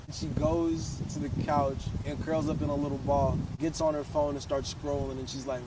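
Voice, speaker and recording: A man's voice: on the high side, little pitch movement, moderate pace, hardly any pauses, recorded from a distance, heavy background noise. A man in his twenties telling a story from his own life in a casual, slangy way, swearing freely. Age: 20s.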